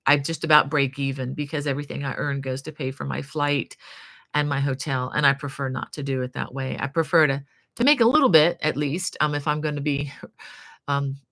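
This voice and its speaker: An older woman hosts a casual live chat. Her voice sits low and carries a gravelly rasp. She reads out viewer comments and answers each one warmly and devoutly, with plenty of friendly asides. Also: fairly even intonation, brisk, no echo, studio quality. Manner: earnest, devout, fond of blessings and prayers. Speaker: crochet channel host.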